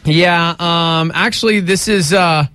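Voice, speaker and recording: A man's voice: fairly high pitch, takes it slowly, pushed and bright, clean tone, no room sound. A man co-hosting a casual morning radio show, jokey and playful, often slipping into silly voices.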